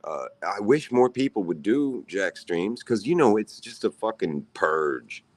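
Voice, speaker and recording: Co-host, male; low voice with a lot of pitch movement; swears freely, drifts into conspiracy talk. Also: measured pace, dry recording. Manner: animated, profane, conspiratorial asides. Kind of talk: casual chat.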